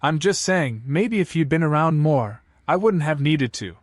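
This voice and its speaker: A man's voice: on the high side, animated, moderate pace, no room sound, studio quality, pitched above the performer's own voice. A man voicing a defensive, tearful wife caught cheating, pleading and then blaming. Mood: resentful.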